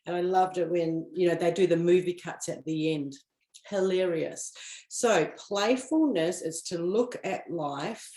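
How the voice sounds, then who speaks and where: Woman host, lowish voice, chatty and playful, live-stream card reading, roomy echo. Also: a little mellow. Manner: chatty, playful, riffs and laughs, acts out quoted self-talk. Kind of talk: casual live-stream talk. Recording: echoey room.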